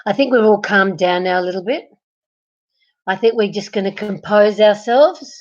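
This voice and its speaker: A woman hosting a casual late-night livestream from her bed, chatting with viewers by name and laughing a lot, her voice getting hoarse. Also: mid-range voice, moderate pace, muffled recording. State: losing her voice. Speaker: livestream host. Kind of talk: casual live chat reading comments. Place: at home, in bed.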